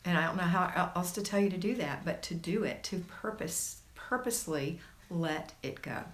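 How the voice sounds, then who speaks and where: Reading out viewer comments on her casual livestream, a homemaking host chats warmly and puts her audience at ease. Her voice is lowish and her speed is normal.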